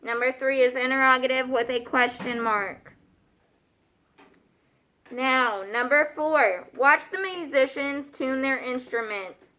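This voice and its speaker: Teacher lady, high voice, keeps asking okay? right? to her class. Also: slow pace, pushed and bright. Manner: patient, checks understanding with frequent "okay?" and "right?". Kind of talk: classroom lesson.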